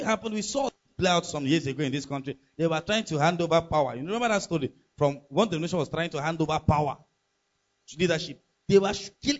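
A man's voice: fairly high pitch, lo-fi sound. A man preaching a sermon as pastor, emphatic and full of rhetorical questions to the congregation.

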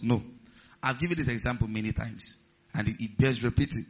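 A man's voice: mid-range voice, fairly quick. A male pastor preaching a sermon, stressing key words and putting questions to the congregation. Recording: slightly muffled recording.

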